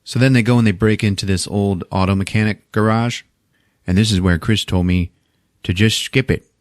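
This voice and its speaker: A man hosting a podcast, recapping a movie in a casual, profane, animated way and laughing often. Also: lowish voice, moderate pace, no echo, studio quality. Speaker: podcast host.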